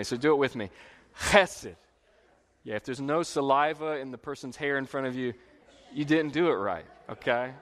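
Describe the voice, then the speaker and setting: A man preaching a sermon as pastor, in a conversational, lively way with emphatic repetition. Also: mid-range voice. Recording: long hall reverb.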